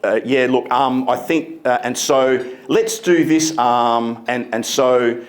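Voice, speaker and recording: A man's voice: mid-range voice, steady tone, lightly acted. A man voicing a nervous speaker who halts on every um and uh. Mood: halting. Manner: halting, full of ums and uhs. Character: nervous man stuck on filler words.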